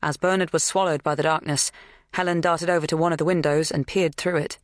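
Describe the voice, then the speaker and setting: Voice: medium pitch, steady tone, brisk, no room sound, clean studio sound. Audiobook narrator reading a thriller. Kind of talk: scripted narration.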